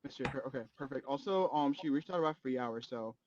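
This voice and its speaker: A young man in casual chat on a video call, curious and asking quick questions. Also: medium pitch, muffled recording, noisy background.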